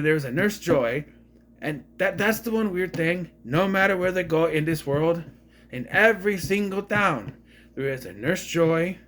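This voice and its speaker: A man's voice: a little high, fairly bright tone. A man from Minnesota recapping a movie in a casual, rambling way, correcting himself and adding wry asides. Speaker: movie reviewer.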